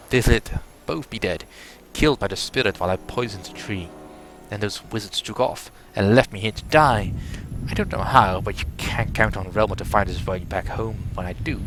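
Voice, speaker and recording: A man voicing a gruff, bitter male dwarf adventurer, reading his journal aloud in a grumbling, cursing way. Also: on the low side, fairly bright tone, slight background noise, rough recording. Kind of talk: read-aloud journal in a game.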